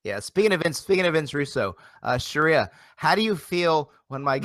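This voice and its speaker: A man's voice: on the high side, lively intonation, moderate pace, hardly any pauses, a bit bright, dry recording. A man hosting a casual live internet talk show, rambling and repeating himself with energy. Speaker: host. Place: home near Philadelphia.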